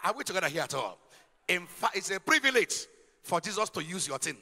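A man's voice: sits high, very animated, brisk, creaky, bright, forceful tone. A man preaching a sermon, emphatic and calling out questions to his congregation. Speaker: pastor. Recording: long hall reverb.

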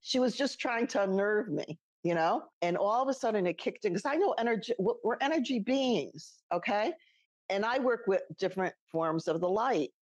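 A woman's voice: medium pitch, expressive, moderate pace, darkish tone, no echo. A middle-aged woman co-hosting a podcast, telling a personal story in a casual, chatty way and laughing often. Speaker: podcast co-host.

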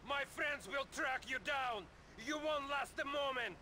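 An actor playing a contemptuous Russian gangster in a video game, speaking with a Russian accent and a mocking, swaggering manner. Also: male voice, extremely high pitch, lively intonation, moderate pace, bright, forceful tone, slight background noise, full character voice. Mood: furious. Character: sneering Russian male gangster boss. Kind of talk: video game cutscene acting.

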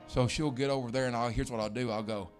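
A man's voice: medium pitch, fairly even intonation, quick pace, soft background music. A male pastor, preaching a sermon in a church with folksy storytelling. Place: church sanctuary.

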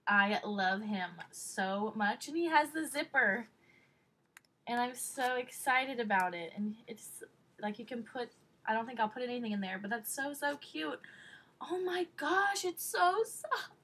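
A woman opening a package for her vlog, gushing and excitable, often squealing. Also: mid-range voice, husky, low-quality recording. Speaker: vlogger.

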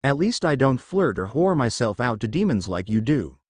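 A man's voice: mid-range voice, very animated, moderate pace, a little mellow, dry recording. A man reading the lines of a furious, defiant young female ninja in a storybook, with a seething, insulting manner. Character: furious young kunoichi, sharp-tongued and defiant.

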